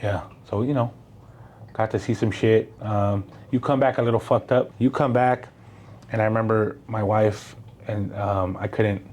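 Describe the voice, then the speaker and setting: A man's voice: on the low side, steady tone, normal speed, a little mellow. Socal guy in his 40s, rambles, swears, throws in spanish, bit of room noise. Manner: rambling, profane, mixes in Spanish words. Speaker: guest. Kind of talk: casual conversational storytelling.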